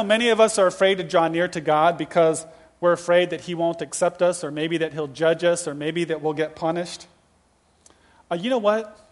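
A male pastor in his fifties preaching a sermon with lively, humorous storytelling. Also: high-pitched. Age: 50s.

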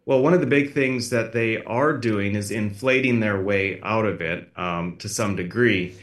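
A man's voice: fairly low pitch, moderate pace, roomy sound. A man as a political candidate guest in a podcast interview, talking emphatically and repeating words as he presses his points. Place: podcast studio.

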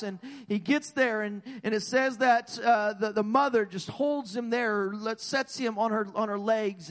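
A passionate male preacher retelling a story in a sermon, his voice high and stumbling over repeated words as it builds. The sound trails off in a long church echo. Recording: long hall reverb.

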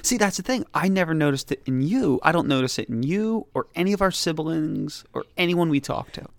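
Gravelly, higher-voiced Philly man. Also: brisk, no room sound. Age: late 30s. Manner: drops the g's in words ending in -ing; animated, exasperated storytelling. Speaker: podcast co-host. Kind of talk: casual chat.

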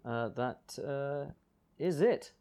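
A man's voice: medium pitch, extremely slow, mellow. A man hosting a casual film commentary podcast, chatty and joking, swearing freely. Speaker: podcast host.

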